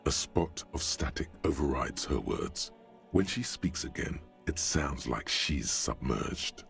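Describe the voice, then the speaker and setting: A brooding, all-knowing video game narrator, with an extremely deep, gravelly voice. The delivery is slow and solemn, yet it swoops expressively through the lines. Faint game music plays behind him. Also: male voice, lively intonation, fairly bright tone, heavily acted. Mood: ominous. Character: brooding omniscient male game narrator, ominous.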